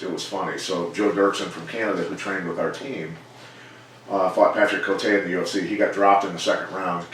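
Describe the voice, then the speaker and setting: A middle-aged former fighter who now coaches tells stories in an interview, his low voice measured and plainspoken until he quotes others and turns animated. It's a casual storytelling chat in a gym, recorded in an echoey room with the mic far off and slight background noise.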